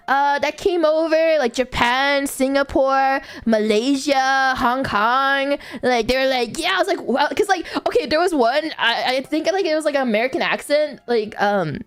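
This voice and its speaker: A woman streamer chatting casually, rambling with many fillers and frequent giggles. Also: sits high. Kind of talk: casual chat.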